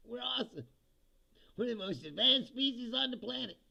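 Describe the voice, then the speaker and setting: A man's voice: very high-pitched, expressive, a little slow, vocal fry, pushed and bright. A male comedian hosting a casual livestream, swearing, joking sarcastically and laughing often as he reads viewer comments. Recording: dull lo-fi stream audio.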